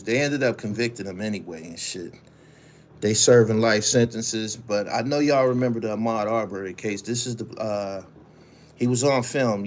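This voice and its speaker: A man's voice: on the low side, a little hiss or hum. A man hosting his own show, reading news stories aloud and then giving casual, profane commentary while answering viewers' chat. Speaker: show host.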